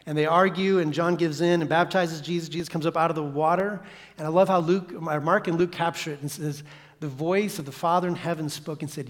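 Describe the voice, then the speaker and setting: A man giving a sermon as a guest pastor, speaking dramatically and dropping from loud declarations to a hushed whisper. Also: a little high, moderate pace. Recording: long reverb of a church hall.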